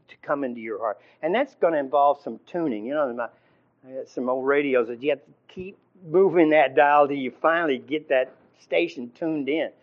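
A man teaching from the Bible in an informal sermon, halting with fillers and restarts and often clearing his throat. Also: mid-range voice. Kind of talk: conversational sermon. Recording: dull lo-fi recording.

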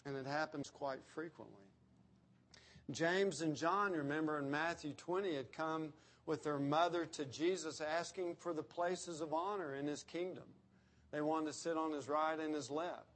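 Emphatic male preacher, higher voice. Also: steady tone, a bit bright. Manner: emphatic, slows down to quote scripture. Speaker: pastor. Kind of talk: expository sermon.

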